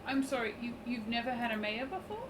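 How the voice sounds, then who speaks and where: A woman's voice: fairly high pitch, expressive, quick pace, fairly bright tone. A woman player in a tabletop game, asking polite, probing questions. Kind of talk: playing a character in a tabletop game. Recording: distant noisy mic on a call.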